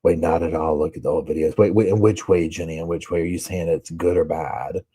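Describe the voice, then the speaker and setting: A man's voice: low-pitched, steady tone, fairly quick, dark tone, husky. A man from the American South with a Southern accent, hosting a casual live chat and answering viewer comments. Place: home, on a sofa.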